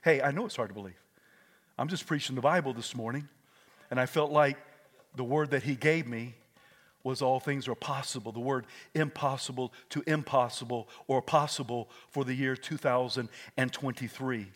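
A male pastor preaching a fervent sermon, moving between hushed talk and shouts and calling on the congregation to repeat after him. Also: mid-range voice, moderate pace, big-room sound. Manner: calls on the congregation to repeat words. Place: church sanctuary.

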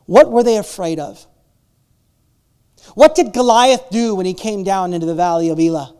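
A man preaching a sermon, swinging between loud, drawn-out preaching and quiet asides, acting out the people in the story. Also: sits high, clear, resonant tone. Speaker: pastor.

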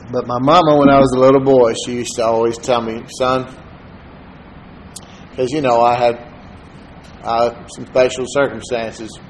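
A man's voice: mid-range voice, a little hiss or hum, poor audio. Man preaching in a storytelling way. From Texas, USA. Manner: conversational storytelling, soft-spoken asides. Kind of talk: sermon.

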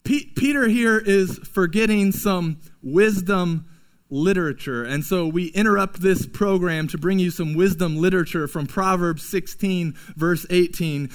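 A pastor with a fairly high voice preaches a sermon, keeping it relaxed and conversational. He drops playful, slangy asides between his points. It sounds like a sermon in church. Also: a little slow.

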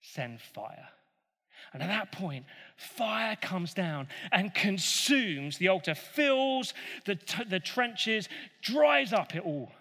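Animated man telling a Bible story. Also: high voice, slow. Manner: animated, jokey asides. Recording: long hall reverb.

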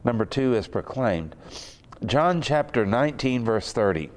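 A man preaching a sermon in an unhurried, conversational way. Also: medium pitch, expressive. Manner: conversational, unhurried, with fillers and asides.

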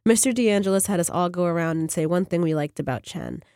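A woman, a fiction writer, reading her own short story on a radio program in a measured, even way. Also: on the low side, no echo, studio quality.

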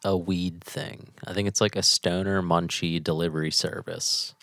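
Laid-back young man with a very deep voice. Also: steady tone, moderate pace, creaky, a bit bright, no echo, studio quality. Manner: laid-back, joking, swears freely. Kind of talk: casual chat.

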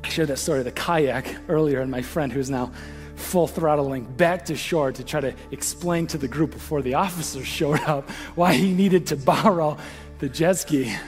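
A man preaching a sermon as pastor, swinging from impassioned calls to a soft, hushed prayer. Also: a little high, moderate pace, in a large hall, faint music behind.

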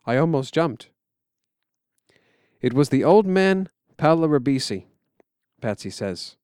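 A man telling a story in quiet, measured, scripted narration. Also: mid-range voice, very animated, clean tone, no echo, studio quality.

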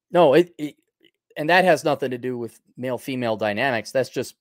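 This Milwaukee-born host, speaking with an Upper Midwest accent, reads donations from viewers and gives blunt, opinionated takes, occasionally mocking with put-on voices in casual livestream-style talk. His medium-pitched voice is animated at a moderate pace, with clean studio sound and no room tone.

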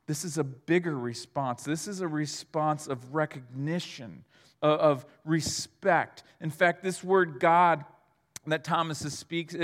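A man preaching a sermon in an earnest way, moving between hushed and emphatic delivery. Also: on the high side, big-room sound.

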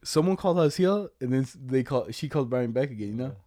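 A man's voice: mid-range voice, expressive, fast talker, mellow. A young man casually telling a rambling, slangy story to a friend, laughing along and quoting others in put-on voices.

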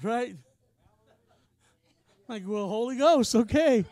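Man, preacher, very high voice, dry close sound, casual passionate sermon. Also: slow, no room sound. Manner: passionate, swings from quiet to shouting; casual, says "man" often.

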